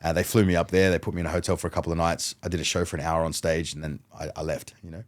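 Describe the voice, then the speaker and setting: A low-pitched man talks in a relaxed podcast chat. He tells lively stories and slips into other people's lines as he goes. His voice sits deep and steady under the anecdotes. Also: rapid-fire. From Australia. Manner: animated storyteller who acts out dialogue. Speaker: guest mentalist. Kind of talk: casual podcast conversation.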